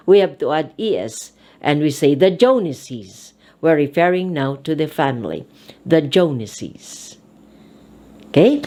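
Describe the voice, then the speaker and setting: A woman teaching an English grammar lesson, spelling out words letter by letter and repeating each example slowly and deliberately. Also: lowish voice, a little mellow.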